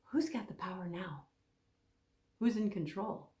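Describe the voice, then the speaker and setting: A woman teaching scripture in a chatty, animated way, her pitch swinging widely as she acts out quoted voices. The sound is roomy, with a clear echo around her voice. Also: measured pace. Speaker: Bible teacher. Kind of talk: casual Bible teaching talk.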